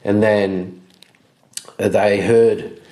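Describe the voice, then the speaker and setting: A man's voice: fairly low pitch, fairly even intonation, dark tone. A man narrating a solo tabletop role-playing game as game master, in a loose storytelling manner. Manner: slow, loose storytelling with restarts. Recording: roomy echo.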